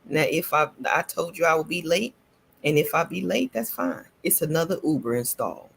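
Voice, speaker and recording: A woman vlogger telling a personal story in a casual, animated way, repeating herself and laughing between lines. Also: low voice, normal speed, creaky, breathy edge.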